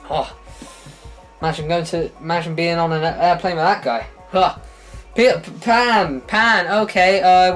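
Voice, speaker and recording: A man's voice: a little high, a bit bright. A man reviewing films in a casual, rambling way, often sighing, restarting his sentences and adding sarcastic asides. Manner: rambling, self-interrupting, sighs, sarcastic asides. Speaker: film reviewer.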